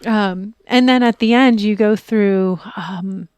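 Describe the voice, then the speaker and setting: A woman in casual chat, telling a story with animated quoting, dropping to soft whispers and rising to excited outbursts. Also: medium pitch, takes it slowly, smooth, no echo. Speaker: podcast guest sharing a retreat experience.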